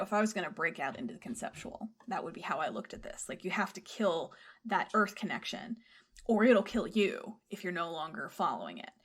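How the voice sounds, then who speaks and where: Woman, podcast co-host, chatty profane storyteller, mid-range voice. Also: mid-range voice. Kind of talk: casual chat retelling a film.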